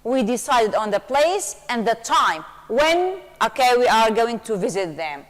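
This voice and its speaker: A woman's voice: a little high, sing-song, measured pace. Woman teaching in an echoey room. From Syria. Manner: patient step-by-step explaining, frequent "okay". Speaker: English teacher. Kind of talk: recorded grammar lesson. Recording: long reverberant room echo.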